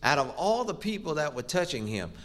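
A man's voice: on the high side, big pitch swings, fairly quick, a bit bright. A middle-aged man preaching a sermon, emphatic and rhythmic, leaning on repeated phrases and rising for stress.

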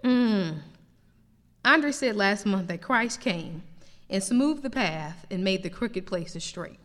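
A woman teaching a sermon in an animated, conversational way, acting out little asides as she preaches. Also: medium pitch, takes it slowly, long reverb tail. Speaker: pastor, Bible teacher. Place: church sanctuary.

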